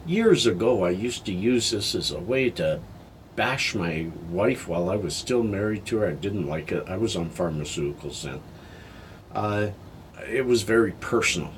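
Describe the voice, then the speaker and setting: Older man, low voice, candid vlog. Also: expressive, slight background noise. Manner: candid, halting, heartfelt. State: tired, emotional. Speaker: health vlogger. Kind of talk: personal vlog monologue.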